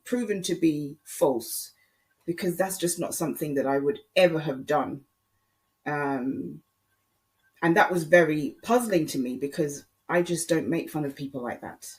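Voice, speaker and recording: Opinionated YouTube commentator talking to camera. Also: mid-range voice. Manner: opinionated, addresses viewers and other creators directly. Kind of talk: casual monologue commentary.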